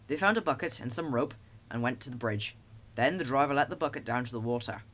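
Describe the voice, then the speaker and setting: A man narrating a children's storybook in a lively, expressive way. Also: mid-range voice, fast. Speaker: audiobook narrator.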